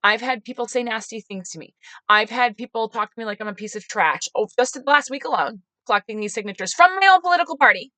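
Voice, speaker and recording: Bright-voiced woman telling a personal story. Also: fairly high pitch, expressive, fast, no echo. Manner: emphatic, lots of "like" fillers. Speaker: podcast host and mayoral candidate.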